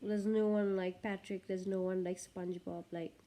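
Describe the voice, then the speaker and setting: A woman vlogger chatting casually to the camera. Her talk is loose and rambling, and her voice sits at a middle pitch. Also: flat delivery, moderate pace, dark tone, a little hiss or hum.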